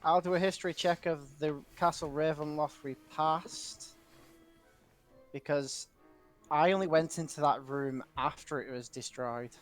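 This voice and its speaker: A player calmly says what their character does in a tabletop game. The pitch sits in the middle and the delivery stays measured. Faint music plays underneath. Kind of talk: tabletop role-play chat.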